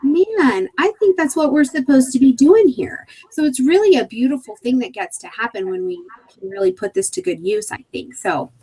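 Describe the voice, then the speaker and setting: High-voiced woman explaining astrology. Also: sing-song, normal speed, gravelly, hardly any pauses, dark tone, poor audio. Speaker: astrologer guest. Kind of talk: casual explanatory chat.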